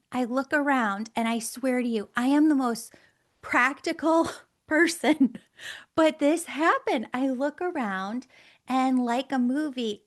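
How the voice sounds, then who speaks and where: A middle-aged woman, a guest on the show, telling a personal story in a lively way, laughing often and acting out the voices she quotes. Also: a little high. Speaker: guest, angel communicator.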